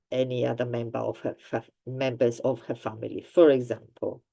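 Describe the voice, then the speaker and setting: A woman with an Italian accent teaching a grammar lesson, explaining slowly with example sentences and laughing now and then. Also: rumbling low, mellow. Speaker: language teacher.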